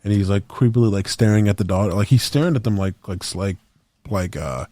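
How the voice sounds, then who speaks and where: Low dark-voiced dude rambling about movies, swears a lot, dry mic. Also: male voice, a little fast, no room sound. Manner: rambling storyteller, acts out movie quotes, swears. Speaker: podcast co-host. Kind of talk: casual chat.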